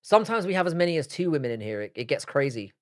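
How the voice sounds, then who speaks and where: A man's voice: fairly high pitch, big pitch swings, rapid-fire. A man with a London accent hosting a live stream, chatting casually, reading the chat aloud and trading crude banter. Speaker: livestream host.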